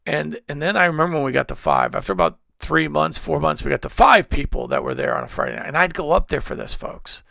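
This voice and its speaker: Gravelly, animated male pastor. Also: fairly high pitch, fast, few pauses, no room sound, studio quality. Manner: rambling storytelling with many restarts. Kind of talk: sermon. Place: church service.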